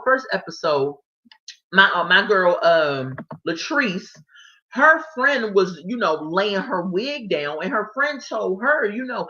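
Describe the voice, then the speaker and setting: Woman, reality show recap host, sassy and animated, mid pitch, dull lo-fi sound. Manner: animated, sassy, Southern US slang with quoted voices. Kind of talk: casual recap chat.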